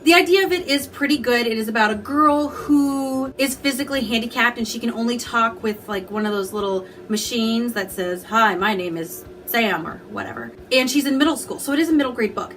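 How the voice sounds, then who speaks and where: A woman giving opinionated, casual book reviews in a vlog, animated and full of asides. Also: on the high side, fairly quick, hardly any pauses. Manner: animated, opinionated, with frequent asides and mock quotes.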